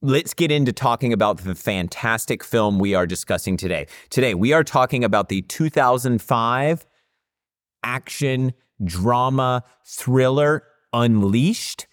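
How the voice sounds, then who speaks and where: A man's voice: medium pitch, expressive, measured pace, dry recording, studio quality. A man in his late thirties hosting a casual film-review podcast, talking in an easygoing, hesitant way with many fillers. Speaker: podcast host.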